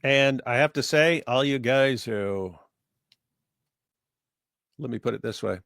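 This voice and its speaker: A man co-hosting a casual livestream with deadpan, ironic remarks. His pitch is ordinary, neither high nor low. The recording is dry and close. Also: slow pace, gravelly, dry recording. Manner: deadpan, ironic, tries impressions. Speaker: livestream co-host.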